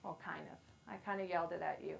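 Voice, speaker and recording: A woman's voice: on the low side, steady tone, fast, vocal fry. A middle-aged woman giving a playful, self-deprecating motivational talk to a live audience on a handheld mic. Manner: playful, self-deprecating storyteller who acts out quotes loudly. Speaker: speaker at a women's event.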